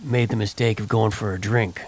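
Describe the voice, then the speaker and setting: A man's voice: fairly low pitch, steady tone, normal speed, darkish tone, close to an everyday voice. A man voicing a weary terse young outlaw. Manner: grumbling, terse. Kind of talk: audiobook character voice.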